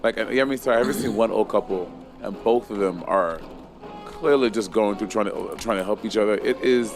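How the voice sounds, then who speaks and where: A man's voice: on the low side, a little fast, over music. A man in his thirties co-hosting a casual chat, telling stories and swearing freely. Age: 30s. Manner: chatty storyteller, swears freely. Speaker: co-host.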